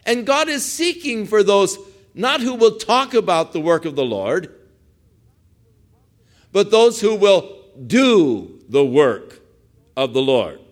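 A man preaching a sermon, telling the story emphatically and swinging from hushed to loud. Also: fairly high pitch.

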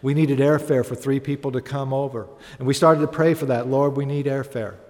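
A man's voice: mid-range voice, fairly even intonation, fairly quick, a little mellow. A man preaching a sermon, telling stories and building to earnest, emphatic appeals. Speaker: pastor. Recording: long hall reverb.

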